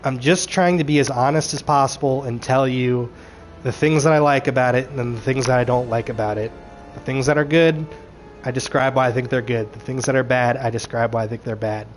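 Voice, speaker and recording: A man ranting through a show recap, animated and frustrated, swearing freely and acting out characters' lines. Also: mid-range voice, soft background music. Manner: acts out characters' lines in quick voices.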